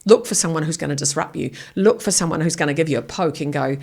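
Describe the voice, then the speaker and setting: A middle-aged woman, an author and keynote speaker, appears as a guest in a casual interview, talking bluntly and energetically. Her low, creaky voice is animated and quick, and she acts out little quoted exchanges as she goes.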